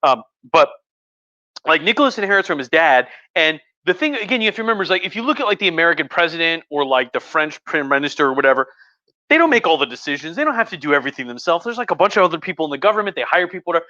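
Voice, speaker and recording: A man's voice: fairly high pitch, big pitch swings, very fast, bright, forceful tone, no room sound, muffled recording. A drunk male history professor giving a rambling, profane, chatty livestream lecture from home, with many restarts.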